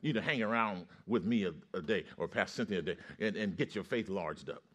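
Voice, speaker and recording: A man preaching a sermon with call-and-response, his storytelling rising to loud excitement. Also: fairly low pitch, fast.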